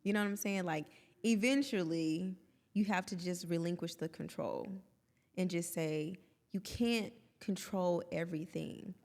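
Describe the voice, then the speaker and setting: A woman's voice: on the low side, a little slow, darkish tone, big-room sound. A woman in her thirties, co-hosting a podcast, chatting openly and expressively with quoted asides. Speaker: podcast co-host. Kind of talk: candid conversational podcast chat.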